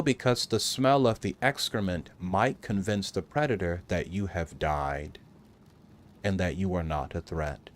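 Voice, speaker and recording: A man hosting a provocative monologue, talking slowly and graphically, mocking in a raised voice at times and addressing listeners as gentlemen. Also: low-pitched. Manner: slow, graphic, mocking, acts out taunts in a raised voice. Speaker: podcast host.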